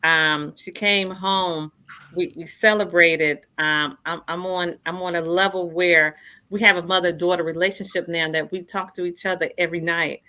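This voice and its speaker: Woman, fifties, bright forceful tone, lowish pitch, earnest storyteller who repeats herself for emphasis. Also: fairly even intonation, normal speed. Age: 50s. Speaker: guest. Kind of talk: personal storytelling in a radio interview.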